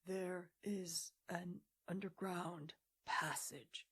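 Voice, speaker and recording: A woman voicing a stern, wise old male badger who speaks severely and quietly. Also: on the low side, breathy edge, full character voice. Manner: severe, measured, hushed.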